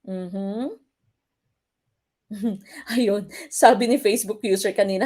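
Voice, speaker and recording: A woman's voice: mid-range voice, slow pace, pauses often, dark tone. A woman teacher with a Filipino accent leading a live-streamed exam review, switching between English and Tagalog and reading out viewer comments. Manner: mixes English and Tagalog, reads out viewer comments, drills stress patterns.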